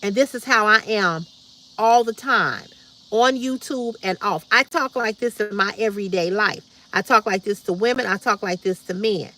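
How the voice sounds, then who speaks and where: Outspoken livestream host, woman in her fifties, direct and repetitive, bright forceful tone. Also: medium pitch, moderate pace. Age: 50s. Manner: blunt, direct, preachy repetition. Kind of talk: casual livestream chat reading comments.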